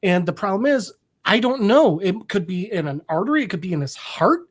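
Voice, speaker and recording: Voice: medium pitch, animated, brisk. A podcast co-host recapping a story in casual chat, rambling with lots of fillers and acting out quoted characters.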